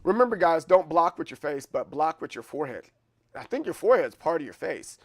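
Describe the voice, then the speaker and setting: A man hosting a casual live stream, chatting with his viewers in a rambling way, with many restarts and bursts of excitement. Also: a little high, fairly quick. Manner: rambling, restarts a lot, chuckles and gets excited. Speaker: livestream host. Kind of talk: casual chat answering live chat.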